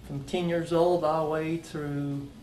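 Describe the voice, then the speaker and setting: Earnest man, slightly high voice. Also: level tone, unhurried, a little mellow, faint music behind, low-quality recording. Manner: earnest, emphatic storyteller. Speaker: former player. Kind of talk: casual interview tribute.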